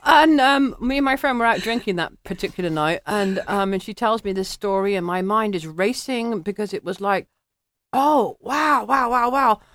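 A middle-aged English woman telling a personal story, animated and laughing, acting out quoted voices. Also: medium pitch, fairly quick, hardly any pauses, no room sound. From England.

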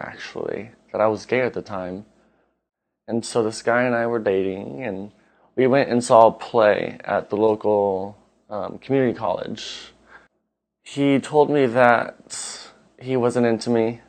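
A young man from Washington State telling his own coming-out story in a relaxed, conversational way. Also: on the low side. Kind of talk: casual personal storytelling.

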